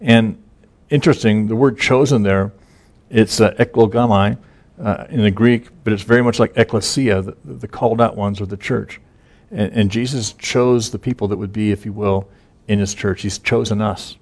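A man's voice: on the low side, steady tone, normal speed, a little mellow. A man preaching a casual sermon, retelling scripture in a folksy, conversational way with many fillers. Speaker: pastor.

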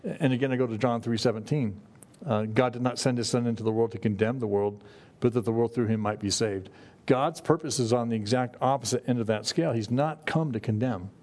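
A man's voice: medium pitch, a little fast, a little mellow. A middle-aged man preaching a sermon to a congregation in a conversational way, often restarting his phrases. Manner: conversational, with frequent restarts and "you know". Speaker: pastor.

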